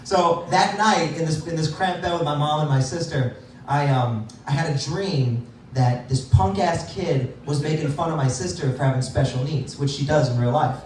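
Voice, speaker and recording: A man's voice: fairly high pitch, normal speed, a little mellow, very echoey, far from the mic, slight background noise, low-quality recording. A man doing a stand-up comedy set in a club, self-deprecating and laughing at his own jokes.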